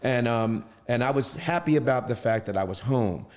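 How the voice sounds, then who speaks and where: A middle-aged man telling his own story in an interview, halting and often restarting his sentences. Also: mid-range voice. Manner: halting, with many restarts and fillers. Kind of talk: personal storytelling. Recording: long reverb.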